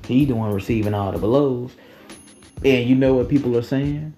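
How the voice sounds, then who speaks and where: A man's voice: medium pitch, moderate pace, mellow, faint music behind, rough recording. Rambling, profane young man. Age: 20s. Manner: rambling, profane, slangy, with many restarts. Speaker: livestream host. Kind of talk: casual late-night monologue.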